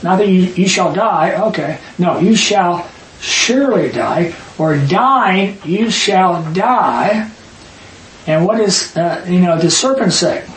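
A man leading a Bible study, reading verses aloud and arguing his points emphatically with quick asides. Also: sits high, lively intonation. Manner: emphatic, rapid asides, reads scripture aloud. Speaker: Bible teacher. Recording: echoey room, distant mic, faint hiss.

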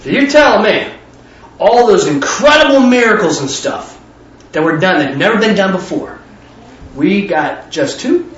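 A man's voice: high voice, expressive, normal speed, fairly bright tone. A man doing a jubilant fatherly God. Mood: pleased. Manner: delighted, exclaiming. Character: God the Father, a jovial fatherly male deity. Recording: echoey hall, distant dull mic.

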